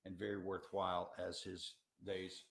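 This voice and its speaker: A man's voice: sits low, monotone, unhurried, creaky, a bit bright. A man who works as a tour coordinator gives an educational talk to students, in a folksy, emphatic storytelling style full of restarts. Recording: roomy echo.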